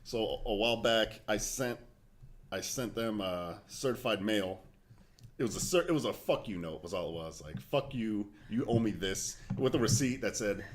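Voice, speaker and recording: Low-ish voice dude, chill podcast co-host, cusses, bit of faint hiss behind. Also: male voice, brisk. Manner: laid-back, swears, gives shout-outs. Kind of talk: casual chat.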